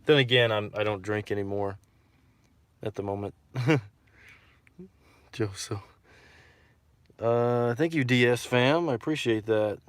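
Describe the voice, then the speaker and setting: A man's voice: medium pitch, measured pace, pauses often, smooth, no echo. A man from Texas hosting a casual livestream and reading out viewer comments, rambling and repeating himself with lots of fillers.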